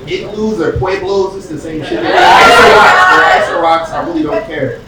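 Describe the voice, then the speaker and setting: A stand-up comedian from the US East Coast performs a foul-mouthed, chatty set at a comedy club, slipping into character voices. He speaks unhurriedly in a fairly high voice over a noisy crowd, captured in a distant, echoey recording with audience sounds.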